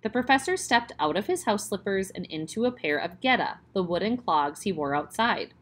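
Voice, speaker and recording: A woman narrating a chapter book aloud in a calm, clear storytelling manner. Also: medium pitch, normal speed.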